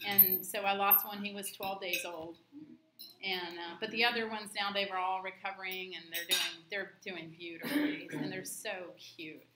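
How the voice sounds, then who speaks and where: A woman who works as a leadership trainer, chatting casually with a group and telling stories animatedly, acting out whispered exchanges. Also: fairly low pitch. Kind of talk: casual group check-in chat. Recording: echoey room with clear background noise.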